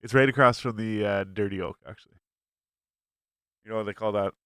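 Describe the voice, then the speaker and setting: A man's voice: lowish voice, fairly quick, a bit bright, clean tone, no echo, studio quality. A young man, co-hosting a podcast in casual chat, rambling and swearing with lots of fillers. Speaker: podcast co-host. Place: home studio.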